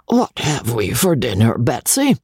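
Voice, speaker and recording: A man's voice: medium pitch, huge pitch swings, unhurried, darkish tone, husky, no room sound, clean studio sound, exaggerated voice. A man voicing a coarse, jovial old country baronet who talks bluntly at dinner. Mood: hearty.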